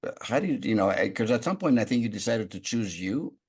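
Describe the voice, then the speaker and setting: A man's voice: on the low side, lively intonation, a little fast, a little mellow, slightly rough. A man podcast host asking a guest long, searching questions that circle around before landing. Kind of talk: interview questions.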